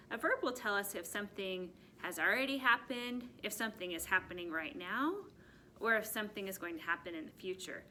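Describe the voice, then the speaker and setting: A woman teaching a first grade lesson, speaking slowly and clearly in an encouraging teacher's manner. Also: mid-range voice, pushed and bright, slight background noise. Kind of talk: recorded classroom lesson.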